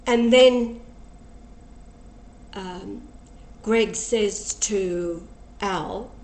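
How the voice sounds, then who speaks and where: A woman tells a personal story at a slow, deliberate pace, acting out each person's words as she goes. Her voice is emotional and earnest. The recording sounds roomy and echoey, with a faint hum of ambience behind her. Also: mid-range voice, darkish tone. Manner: slow, emotional retelling with quoted dialogue.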